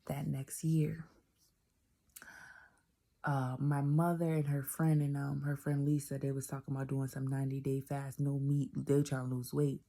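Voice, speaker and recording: Deep raspy-ish black lady telling her faith story, casual, repeats herself, whispers the big parts, bit of fry. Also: normal speed. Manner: animated, repeats phrases, drops to whispers for emphasis. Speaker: vlogger telling a personal testimony.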